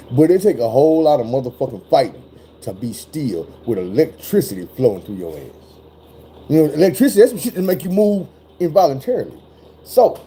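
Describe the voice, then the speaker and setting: A man speaking talks in a loose, profane commentary style. His voice is mellow and dark with a husky grain, sitting a bit high for a man. He gets animated and slips into other voices as he retells what happened.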